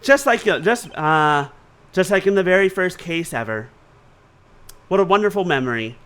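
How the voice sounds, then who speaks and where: This is a man giving casual game commentary as he plays, chatty and quick to joke. His voice sits high and moves all over the place, with an animated, swooping pitch. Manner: chatty, joking, swears casually. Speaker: let's-player. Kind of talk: casual game commentary while reading dialogue.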